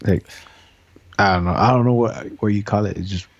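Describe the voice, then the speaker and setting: A man chatting casually on a podcast, halting and repeating words, swearing now and then. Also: fairly low pitch, gravelly, husky, no echo, muffled recording. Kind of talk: casual chat.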